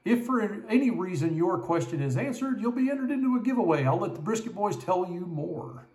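A man's voice: high voice, sing-song, fairly quick, a little mellow. A man answering a listener's barbecue question with confident explanations. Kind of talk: casual explanation. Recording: echoey room.

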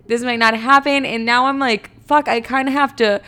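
A woman's voice: on the high side, steady tone, normal speed, few pauses, pushed and bright, clear, resonant tone. A young adult woman telling a casual storytime monologue, blunt, profane and self-mocking, with many "like" fillers. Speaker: vlogger.

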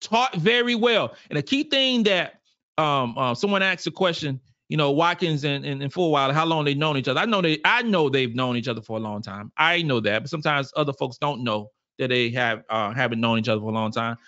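A man from South Carolina, hosting a casual postgame show, animated and prone to repeating phrases. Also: medium pitch, fairly quick, no room sound, muffled recording. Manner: animated, repeats phrases, reads viewer comments. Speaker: podcast host.

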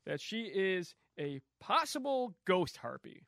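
A high-pitched, very animated male voice with a sharp, bright tone, narrating a film recap full of swearing and wisecracks. It is recorded close and dry. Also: slow pace, creaky, no room sound. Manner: profane, wisecracking, storytelling. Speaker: podcast co-host. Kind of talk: crude casual banter recapping a film.

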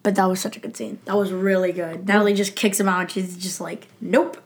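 A woman in an easygoing podcast chat, talking through a TV episode with her co-host. She speaks in a relaxed way, laughs along often, and chimes in with short agreeing replies. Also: medium pitch, fast talker. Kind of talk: casual chat recapping a TV episode.

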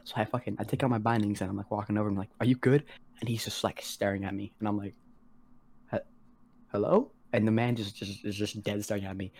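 A man's voice: on the low side, flat delivery, very fast, few pauses, darkish tone. A teenage boy telling a story on a podcast in a rambling, slangy way, full of "like" and swearing, acting out what others said. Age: teens. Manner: acts out quoted voices of others. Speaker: podcast co-host. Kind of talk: casual storytelling.

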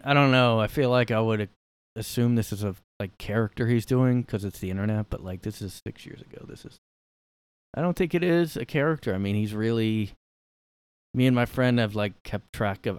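A man's voice: lowish voice, brisk, clean tone, no room sound. A man hosting a podcast from his room, rambling through mocking commentary on a clip, full of fillers and asides. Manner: mocking, incredulous. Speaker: podcast host. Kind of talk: casual commentary reacting to clips.

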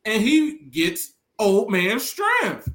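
High, excitable wrestling podcast host. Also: male voice, very slow, echoey room. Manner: animated storytelling, profane, mimics quotes loudly. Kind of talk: casual wrestling chat.

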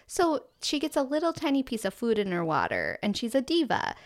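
A woman's voice: fairly high pitch, fairly quick. A woman co-hosting a podcast in casual chat, telling stories and acting out what others said. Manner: animated storyteller, acts out quotes. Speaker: podcast co-host.

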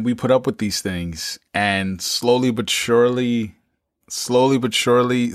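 A man hosting an interview, asking follow-up questions, recapping the guest's points and joking with him. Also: mid-range voice. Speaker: interview host. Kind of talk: conversational interview.

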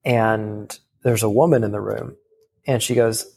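A man's voice: on the low side, fairly even intonation, unhurried, creaky, a little mellow, breathy edge. A man casually telling a long personal story, filling his talk with "like" and swearing now and then. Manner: rambling, heavy use of "like".

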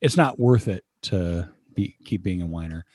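A man co-hosting a casual podcast, reading a parenting article aloud with relaxed asides. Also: low-pitched, moderate pace, husky, no echo, studio quality. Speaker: podcast co-host. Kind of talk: casual chat.

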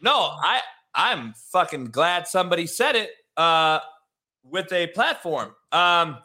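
A high-pitched man with a bright, forceful voice hosts a loose, profane sports talk show. He talks loudly and excitably over a remote call, swearing as he goes. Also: slow pace. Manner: loud, excitable, swears freely. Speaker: podcast host. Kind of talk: casual profane sports chat.

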